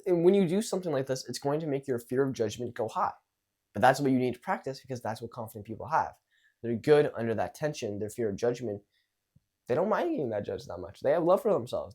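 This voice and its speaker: A man's voice: mid-range voice, darkish tone. A young man coaching on social skills in a casual monologue, acting out example lines in jumpy voices and swearing casually.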